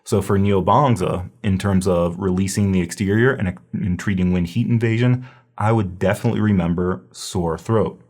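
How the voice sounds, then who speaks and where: A man teaching a recorded herbology review lecture, explaining patiently and repeating terms slowly for pronunciation. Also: sits low, darkish tone. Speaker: herbology instructor.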